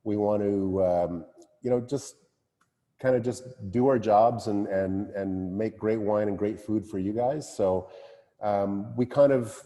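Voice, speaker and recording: Male winemaker, mellow low voice, hesitant casual talk, long reverb around him. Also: unhurried. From Canada. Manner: hesitant, many fillers and restarts. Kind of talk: casual talk at a virtual wine tasting.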